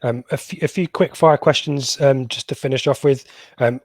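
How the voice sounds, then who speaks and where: A man's voice: medium pitch, fairly even intonation, moderate pace, no echo. A man hosting a casual football podcast, reading out listener questions with a lot of hesitant ums. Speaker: podcast host.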